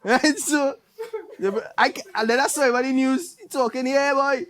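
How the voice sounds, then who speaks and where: A man with a Trinidadian accent and an extremely high-pitched voice performs stand-up comedy at normal speed. He tells animated stories and does impressions of his relatives.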